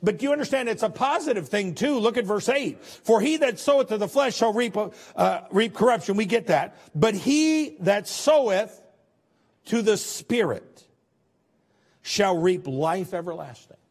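A man preaching a sermon as pastor, folksy and conversational, swinging between emphatic lines and soft, hushed ones. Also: high-pitched, lively intonation, a little slow. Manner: folksy, conversational, with chuckles and restarts.

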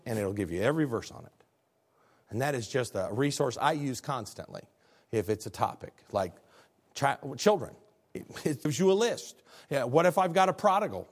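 A middle-aged man preaches to a congregation in a fairly high voice. His delivery is plain and folksy, and he walks through terms one by one. He keeps posing rhetorical questions to the room. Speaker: pastor. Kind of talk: sermon. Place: church service before a congregation.

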